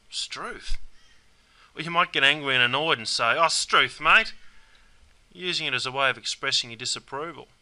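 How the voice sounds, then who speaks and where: A man's voice: medium pitch, pushed and bright. A man with an Australian accent playing a brash, blokey Australian larrikin who explains slang and says "mate" and "bloody" in every line. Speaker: slang teacher. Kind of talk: comic skit and explainer.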